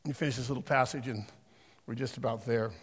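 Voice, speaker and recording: A man preaching a sermon in a church, swinging between shouted exhortation and quiet reading of scripture. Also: medium pitch, steady tone, fast, slightly rough. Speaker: pastor. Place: church sanctuary. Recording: long hall reverb.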